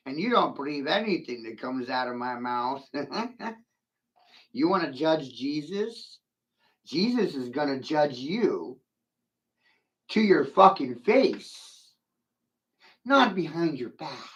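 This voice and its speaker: Slow gravelly man taunting and cackling. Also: a little high, a bit bright. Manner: mocking, taunting, laughs at own jokes; brash and profane. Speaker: vlogger ranting to camera. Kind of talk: rambling taunting monologue.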